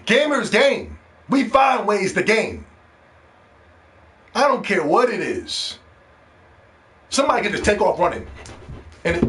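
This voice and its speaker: Animated man podcasting with high voice. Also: measured pace, pauses often, a little hiss or hum. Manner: animated storytelling, mimics other people in slang. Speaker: podcast host. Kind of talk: casual monologue.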